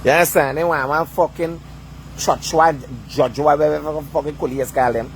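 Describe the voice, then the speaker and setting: Ranting man, higher-pitched. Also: steady tone, normal speed, a little hiss or hum. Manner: repeats "you understand?", swears constantly, loud and agitated. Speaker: vlogger. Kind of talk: heated profane rant.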